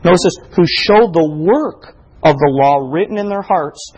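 A man preaching a sermon, reading scripture aloud and building to emphatic, animated points. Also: a little high, normal speed, slightly rough. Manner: preaching with rising emphasis and quoted exchanges. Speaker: pastor.

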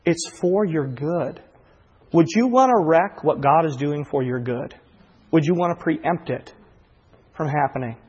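Impassioned preacher, husky voice in a hall. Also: male voice, a little high, animated, unhurried, lo-fi sound. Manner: builds from quiet reflection to impassioned, near-shouted preaching. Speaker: pastor. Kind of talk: sermon. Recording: long hall reverb.

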